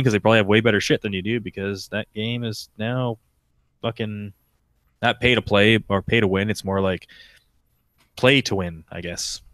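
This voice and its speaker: A man's voice: fairly low pitch, fairly bright tone, dry recording. A man co-hosting a casual gaming podcast, joking and swearing freely. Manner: profane, joking banter. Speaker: podcast co-host.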